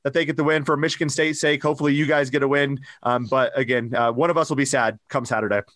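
Fast-talking man in casual sports chat. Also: mid-range voice, fairly even intonation, a bit bright, dry recording, studio quality. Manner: fast, rueful storytelling. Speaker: podcast host.

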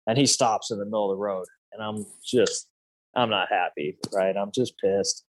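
A man's voice: lowish voice, steady tone, moderate pace, slight background noise. A man in his thirties casually telling a hunting story, rambling with many fillers and restarts. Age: 30s.

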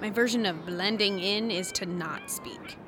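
A woman's voice: mid-range voice, wildly swooping pitch, a little slow, fairly bright tone, slight background noise. A woman playing a sullen, sarcastic character who grumbles and snaps back.

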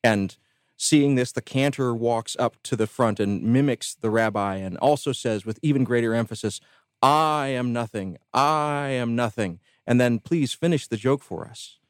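A man hosting a radio interview show, speaking in a measured, clearly enunciated way into a studio microphone. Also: medium pitch, darkish tone, no echo.

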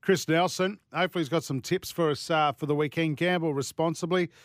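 A man with an Australian accent hosting a radio sports show in a relaxed, joking, conversational way. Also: on the high side, brisk, dry recording, studio quality. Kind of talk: casual radio sports chat.

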